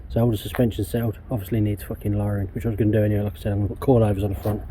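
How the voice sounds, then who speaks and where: A man's voice: fairly low pitch, flat delivery, rapid-fire, dark tone, a little hiss or hum. An English man vlogging casually while working on his van outdoors, rambling and swearing often in a laid-back way. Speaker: DIY van customizer vlogger.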